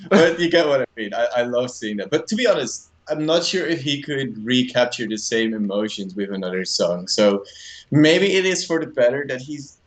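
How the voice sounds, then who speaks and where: A man's voice: mid-range voice, animated, moderate pace, rough recording. A man co-hosting a live stream, chatting casually in an easygoing way. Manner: easygoing, laughs often. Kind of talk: casual chat.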